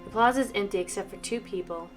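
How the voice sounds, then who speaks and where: A woman streamer reading a visual novel aloud, brisk narration with playful asides. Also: mid-range voice. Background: faint game music.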